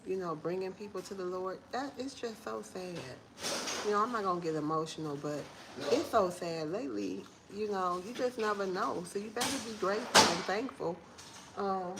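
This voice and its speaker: A woman in her forties talks to her viewers from home in a casual morning vlog. Her voice is gravelly with fry and sits on the low side, her manner earnest and a bit preachy. Faint room noise hums behind her. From Detroit, USA. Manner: heartfelt, preachy, talks straight to viewers as y'all. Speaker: vlogger.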